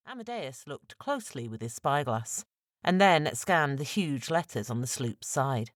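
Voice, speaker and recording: Audiobook narrator, woman, deep register, measured delivery, dry studio sound. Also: animated, dry recording. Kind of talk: scripted narration.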